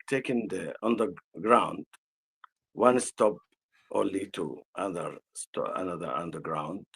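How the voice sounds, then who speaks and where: A man with an Arabic accent, an energy healer telling a personal story in conversation, slow and halting with frequent restarts. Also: fairly low pitch, gravelly, husky, low-quality recording.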